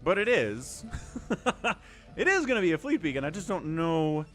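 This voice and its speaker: A man commentating a strategy game live on his stream, chatty and excitable, thanking viewers between plays. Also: a little high, moderate pace, soft background music. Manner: animated, chatty, thanks viewers mid-play.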